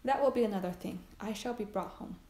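A woman voicing a brooding aristocratic nobleman, reading his lines in a measured, grave way. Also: medium pitch, warm tone, roomy sound, natural voice.

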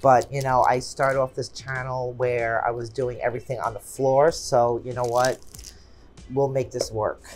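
A woman in her forties hosting a craft channel, chatting casually and exclaiming often as she unboxes gifts at home. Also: very deep voice.

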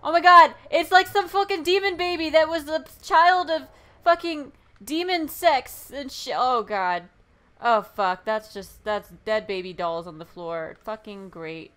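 A woman playing a horror game and reacting out loud, frightened, swearing, gasping and laughing nervously. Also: high voice, a little slow. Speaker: let's play gamer.

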